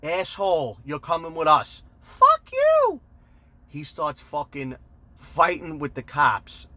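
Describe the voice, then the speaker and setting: A man telling a casual story in an animated, profane, emphatic way. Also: mid-range voice, slight background noise. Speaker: storyteller host.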